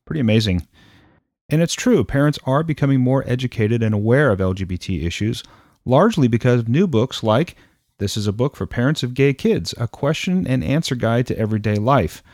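A male news host presents in a smooth, scripted style. His voice is mid-pitched, and the recording is dry and close with no room sound. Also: animated, normal speed, darkish tone, dry recording.

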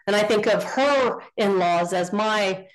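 A middle-aged woman from Northern California, a contractor, appears as a guest on an interview show. She tells family stories casually in a medium-pitched voice, a little slowly, acting out the quoted dialogue with animation. The recording quality is low.

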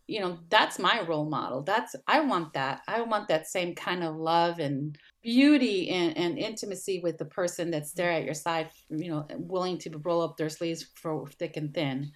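A woman's voice: on the low side, normal speed, hardly any pauses. A middle-aged woman telling a heartfelt personal story as a guest in a conversation, acting out quoted dialogue with animation. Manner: earnest, heartfelt, animated when retelling dialogue.

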